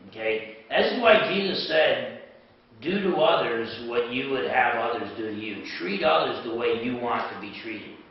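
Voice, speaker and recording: A middle-aged man teaching a class, telling stories with acted-out dialogue in an animated way. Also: medium pitch, normal speed. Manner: animated storytelling, acts out dialogue. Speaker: apologetics lecturer. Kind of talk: classroom lecture with anecdotes. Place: lecture hall. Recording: echoey hall, far from mic, dull lo-fi.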